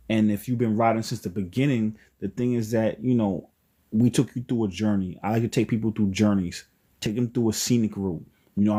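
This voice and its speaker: A man's voice: fairly low pitch, warm tone. A man hosting a live-stream talk, speaking loosely and rambling, with many "you know"s. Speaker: host.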